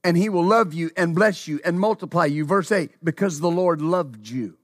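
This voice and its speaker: A man preaching a sermon who repeats his phrases, asks the congregation questions and calls out hallelujah, stumbling over words when excited. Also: on the high side, normal speed, no room sound, clean studio sound.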